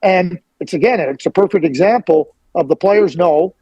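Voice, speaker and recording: Middle-aged guy ranting on sports radio, mellow husky tone, dry close sound. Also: high-pitched, moderate pace, no echo, dull audio. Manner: emphatic, blunt, opinionated. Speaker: hockey analyst guest.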